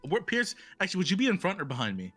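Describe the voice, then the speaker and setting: A man's voice: high-pitched, wildly swooping pitch, rapid-fire, a bit bright, husky, soft background music. A young man playing in a tabletop game, describing his character's actions with many fillers and restarts. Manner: rambling, lots of fillers. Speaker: player.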